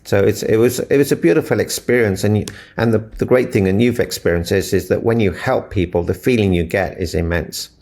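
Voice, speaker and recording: A man from Africa speaks with a very low, gravelly voice as a relationship mentor in an interview. He tells earnest, inspirational stories and acts out the conversations in them. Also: a little fast, hardly any pauses, a little mellow. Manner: earnest, inspirational, retells dialogue. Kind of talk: storytelling interview answers.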